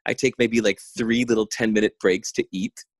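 A middle-aged man talking casually in an interview, intense and animated, with many filler words. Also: mid-range voice, moderate pace, vocal fry, dry recording. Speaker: guest. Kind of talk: casual conversation. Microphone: remote call.

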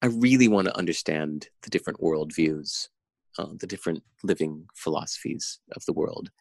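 A middle-aged man talking casually in an interview, intense and animated, with many filler words. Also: extremely low pitch, normal speed, no room sound. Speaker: guest. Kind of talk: casual conversation. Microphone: remote call.

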